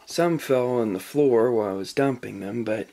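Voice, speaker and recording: A man's voice: medium pitch, normal speed, warm tone. A man hosting his own microwave experiment show from a home kitchen, talking casually in a playful, self-mocking way.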